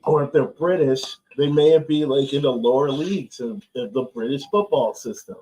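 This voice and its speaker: A man's voice: medium pitch, moderate pace, hardly any pauses, warm tone. A man hosting a live football watchalong stream, talking loosely and sarcastically, swearing and laughing often. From United States. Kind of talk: casual live-stream chat. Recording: slightly dull, lo-fi stream audio.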